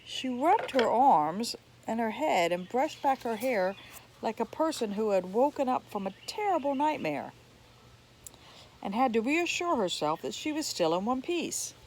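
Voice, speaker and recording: A woman reading a novel chapter aloud in slow, expressive storytelling. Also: on the high side, a little hiss or hum, low-quality recording. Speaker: audiobook reader.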